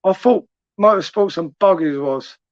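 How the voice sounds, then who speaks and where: A man's voice: high voice, moderate pace, dry recording. A young southern English man hosting a late-night livestream, chatting casually and teasingly as he reads out viewers' comments. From England. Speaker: livestream host. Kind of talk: casual live chat reading comments. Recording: dry, dull lo-fi sound.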